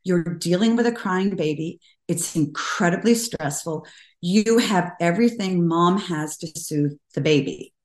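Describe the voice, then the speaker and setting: An older woman speaking as a guest in an interview, telling stories earnestly and getting animated when she quotes people. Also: lowish voice, measured pace. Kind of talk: conversational interview. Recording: roomy echo.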